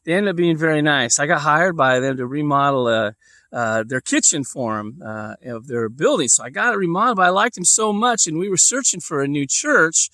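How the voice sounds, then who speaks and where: Male vlogger, casual storyteller, meandering delivery; slightly high voice, dry close recording. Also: brisk, bright, forceful tone, no echo. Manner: rambling, with lots of fillers and restarts.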